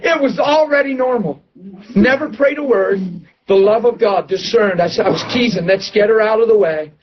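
A man preaching to a church audience, telling a story with lively laughter and excited outbursts. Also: high voice, moderate pace, muffled recording, a little hiss or hum. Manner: animated, laughing, voice jumps up when excited. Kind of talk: storytelling sermon.

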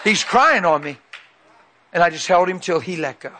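A man's voice: high-pitched, animated, moderate pace, sharp tone, a faint crowd, a little hiss or hum. A male preacher telling a personal story in a folksy, emphatic way, acting out the dialogue. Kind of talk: sermon storytelling.

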